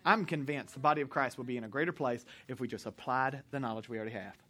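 A pastor preaching to a congregation in church, animated and joking, sometimes shouting. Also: male voice, medium pitch, quick pace, breathy edge. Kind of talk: sermon.

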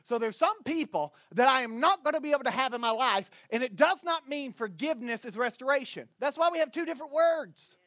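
A male pastor preaching a sermon loudly, with slow, stressed phrases. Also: extremely high pitch, animated, no echo, clean studio sound.

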